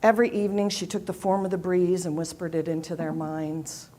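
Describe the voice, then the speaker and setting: A woman leading a worship service, telling a children's story gently, with soft repeated refrains. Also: fairly low pitch, flat delivery, brisk. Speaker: worship leader. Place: church sanctuary.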